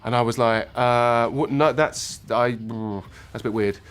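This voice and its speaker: A man's voice: medium pitch, fairly even intonation, a little slow, fairly bright tone, clear, resonant tone, faint music behind. A man in an interview telling a story about a fan, amused, acting out the voices of the people in it. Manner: amused, acts out the quoted voices. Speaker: actor recalling a fan encounter. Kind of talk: anecdote told in an interview.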